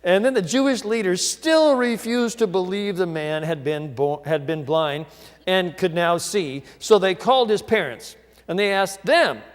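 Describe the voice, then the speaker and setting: A male pastor preaching a sermon, telling the story lively and acting out the people in it. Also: high voice, a little slow, in a large hall. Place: church.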